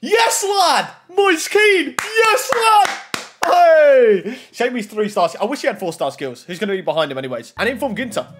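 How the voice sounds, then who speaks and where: A young man giving casual, excitable commentary while opening game packs, shouting at good pulls and muttering at bad ones. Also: a little high. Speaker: gaming YouTuber.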